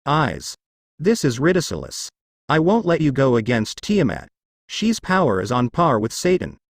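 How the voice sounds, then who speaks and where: This is a firm young demon noblewoman giving orders in a storybook reading. A man reads her part in his own voice. The delivery is lively in pitch, with a dry, close recording. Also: moderate pace, no echo.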